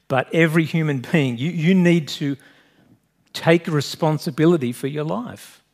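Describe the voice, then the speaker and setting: A man's voice: a little high, moderate pace, darkish tone. A male pastor giving a sermon, earnest and direct, putting questions to the congregation.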